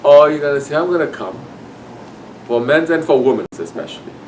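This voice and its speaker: A man's voice: on the high side, animated, a little fast, darkish tone, far from the mic, slight background noise, low-quality recording. A man giving a sermon to his congregation, scolding and acting out people's excuses. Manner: admonishing, acts out quoted excuses. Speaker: sufi sheikh.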